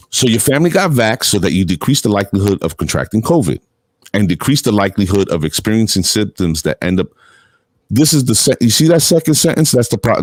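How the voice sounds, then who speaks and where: Middle-aged New man, low lively voice, dry close sound; streetwise host telling stories. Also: dry recording. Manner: animated storytelling, laughs often, swears freely. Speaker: show host. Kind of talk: casual late-night call-in chat.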